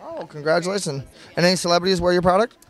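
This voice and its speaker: A man's voice: sits high, rapid-fire. A man hosting interviews at an event gifting suite, joking and upbeat. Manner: joking, upbeat, self-promoting. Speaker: host. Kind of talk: red carpet interview.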